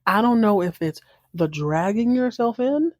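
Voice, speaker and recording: A woman hosting a podcast, giving sassy, animated commentary on a TV episode and laughing often. Her pitch moves a lot around a middle range. The sound is dry and close. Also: unhurried, no room sound. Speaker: podcast host.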